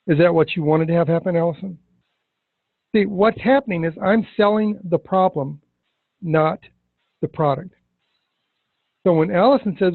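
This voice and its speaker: A man teaching sales technique in a webinar, emphatic, acting out scripted questions with deliberate pauses. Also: high voice, gravelly, no room sound. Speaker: sales trainer. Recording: tinny phone-like webinar audio.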